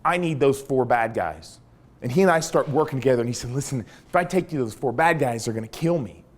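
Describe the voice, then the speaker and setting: A man's voice: mid-range voice, quick pace. A middle-aged man, a former army interrogator, telling a story from his service and acting out the dialogue. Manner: animated storyteller, acts out dialogue. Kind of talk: storytelling talk.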